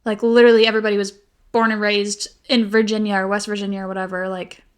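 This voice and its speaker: A woman's voice: mid-range voice, little pitch movement, fast, clean tone. A young woman co-hosting a podcast, chatting casually in a rambling, giggly way with lots of "like". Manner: rambling, giggly, heavy use of "like". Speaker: podcast co-host. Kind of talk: casual chat.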